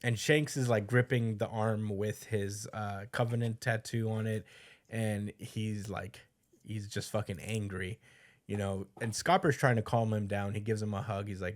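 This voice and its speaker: A man's voice: fairly low pitch, steady tone, a little slow. A man co-hosting a podcast, casually recapping a comic chapter, rambling with lots of fillers and acting out the characters' lines. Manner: rambling, many fillers, acts out quotes. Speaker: podcast co-host.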